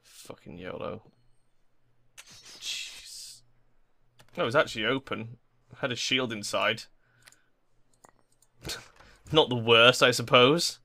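A man's voice: mid-range voice, slow pace, long pauses, sharp tone. Casual swearing man playing a game. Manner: swears casually, reads game text aloud. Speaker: gamer. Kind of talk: casual let's play commentary.

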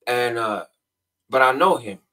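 A man telling a long story as a guest on a casual show, acting out other people's voices in a high pitch. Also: lively intonation, unhurried, sharp tone, recorded from a distance. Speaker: podcast guest. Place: home in Nevada.

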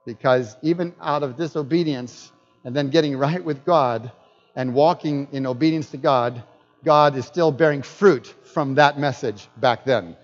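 A guest pastor with a mid-range voice preaches a sermon in a church hall at a slightly slow pace, faint music behind him. He's animated, joking and putting questions to his listeners. The recording is dull and lo-fi with long hall reverb.

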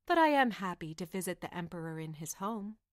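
A woman voicing a small, gentle nightingale who speaks softly and graciously. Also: mid-range voice, big pitch swings, a little fast, no room sound, clean studio sound, lightly acted. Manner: soft, gracious, modest.

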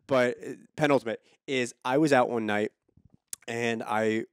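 A man's voice: medium pitch, steady tone, unhurried, clear, resonant tone, dry recording, clean studio sound. A man on a podcast, casually telling a crude story, repeating and restarting words. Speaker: podcast co-host.

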